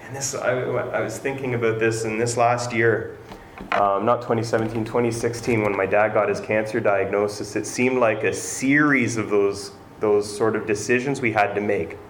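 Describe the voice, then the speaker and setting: A man's voice: lowish voice, fairly even intonation, normal speed. A man preaching a sermon in an earnest, conversational way, building to emphatic points. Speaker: pastor. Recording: echoey room with faint noise.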